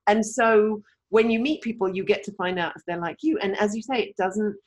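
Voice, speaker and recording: A woman co-hosting a relaxed business conversation. She is chatty and lively, and she slips into little acted-out quotes. Her voice sits at an ordinary middle pitch. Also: a little fast. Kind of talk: casual business chat.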